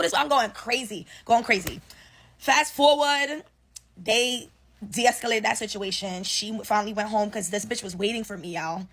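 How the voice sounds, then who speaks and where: A woman's voice: mid-range voice, moderate pace. A young woman telling a casual storytime rant about her job, profane and slangy, acting out what people said. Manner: animated, profane, slangy storytelling with acted-out quotes. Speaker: storyteller ranting about work. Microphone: phone selfie video.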